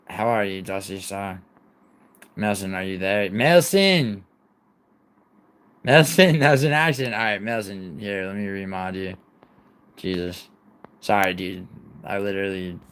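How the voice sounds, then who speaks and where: A man's voice: lowish voice, a bit bright. A man in his twenties hosting a livestream, rambling casually and profanely while he answers his chat and apologizes to moderators. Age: 20s. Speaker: livestream host.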